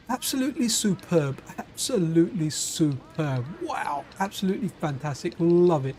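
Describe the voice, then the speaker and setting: A man's voice: a little high, lively intonation, moderate pace, hardly any pauses, darkish tone, faint music behind. A middle-aged man giving casual gameplay commentary as a retro gaming YouTuber, chatty and laughing often as he tells stories.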